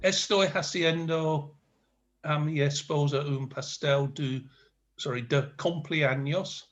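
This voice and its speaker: Hesitant student on dull audio. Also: male voice, fairly high pitch, steady tone, takes it slowly, a bit bright. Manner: self-deprecating, chuckles, hesitant. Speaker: adult student. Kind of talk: reading practice lines in a lesson.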